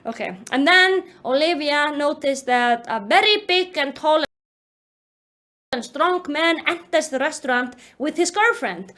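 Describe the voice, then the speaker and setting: Brief: young woman, high voice, casual recap vlogger, animated and exasperated. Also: measured pace. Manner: animated, exasperated, filler-heavy retelling. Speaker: YouTube commentator. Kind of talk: casual book-recap commentary.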